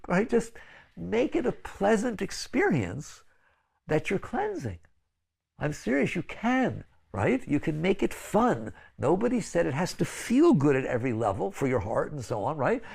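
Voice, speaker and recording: Older man, spiritual teacher; gravelly, animated delivery full of "right?" asides and coaxing pleas. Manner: conversational, pleading, frequent "right?" asides; sudden high exclaiming bursts when acting out others. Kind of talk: spiritual lecture.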